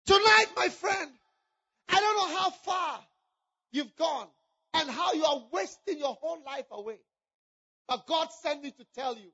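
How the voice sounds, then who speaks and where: A man preaching an impassioned sermon, with fervent, repetitive appeals and frequent shouting. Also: very high voice, animated, a little slow, long pauses. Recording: dull lo-fi recording.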